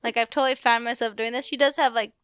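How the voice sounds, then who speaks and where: A woman co-hosting a podcast, a mother of a toddler, telling stories in an animated way and laughing often. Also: on the high side, fast, clear, resonant tone, no room sound. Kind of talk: casual podcast chat.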